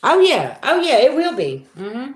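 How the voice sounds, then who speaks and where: A woman's voice: high-pitched, huge pitch swings, a little slow. Chatty woman in a roomy echo. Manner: chatty, folksy, addresses viewers as y'all. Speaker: spiritual reader. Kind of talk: casual livestream talk to viewers.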